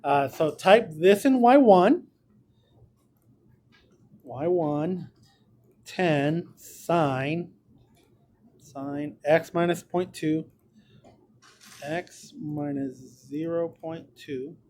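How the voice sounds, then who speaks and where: A man's voice: a little high, very slow, long pauses, a little mellow, slight background noise. A man teaching a recorded math lesson in a small room, with a chatty, joking manner, speaking straight to his students. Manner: chatty, jokey, talks to students directly.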